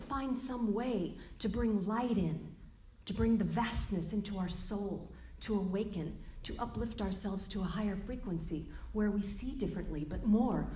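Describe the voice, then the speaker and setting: A middle-aged woman gives an earnest lecture in a yoga studio, stretching out the words she wants to land. Her voice is mellow and soft-edged. The room around her is echoey. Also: medium pitch. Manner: earnest, emphatic, stretches key words slowly. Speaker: yoga teacher giving a lecture. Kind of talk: spoken lecture quoting a teacher.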